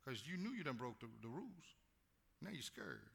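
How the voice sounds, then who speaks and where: A male pastor preaching, drawing the congregation into call-and-response and swinging from quiet talk to loud shouts. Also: medium pitch, wildly swooping pitch, moderate pace, vocal fry, slightly rough. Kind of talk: sermon.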